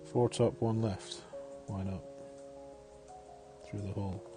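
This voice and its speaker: A man's voice: fairly low pitch, steady tone, takes it slowly, over music. A man giving casual live-stream commentary on a game, chatty, thinking aloud and chuckling often.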